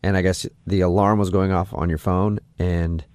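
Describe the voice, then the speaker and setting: A man with a fairly low voice hosts a morning radio show, bantering with a joking, self-deprecating manner. He talks into a studio mic in a dry, dead room. The sound is close and clean. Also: little pitch movement, moderate pace, a little mellow, dry recording. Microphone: studio microphone.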